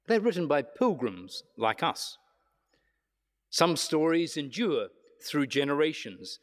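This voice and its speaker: A man preaching a reflective sermon, measured, slowing down for emphasis. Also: medium pitch. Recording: long hall reverb.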